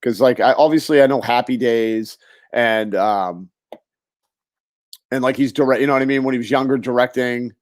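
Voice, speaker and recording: A laid-back man chatting on a podcast, tossing in "dude" often. His voice is mid-pitched and recorded dry, with no room sound. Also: moderate pace, dry recording. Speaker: podcast co-host. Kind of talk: casual chat.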